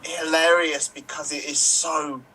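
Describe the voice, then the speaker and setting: A man in an improv show chatting casually, halting and searching for words. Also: on the high side, fairly even intonation, a crowd in the background, low-quality recording. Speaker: improv performer. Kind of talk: casual chat.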